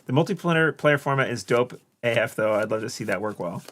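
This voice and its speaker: A man on a live stream, narrating his turns in a card game with easy, joking banter. His pitch jumps around a lot as he talks, lively and animated, though it sits at an ordinary middle height. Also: a little fast. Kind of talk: casual chat while playing.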